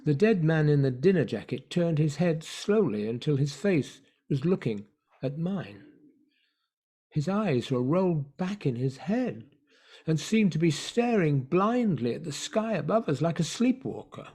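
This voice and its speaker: A man narrating a story in an online play reading, measured and hushed. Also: a little high, sing-song, breathy edge.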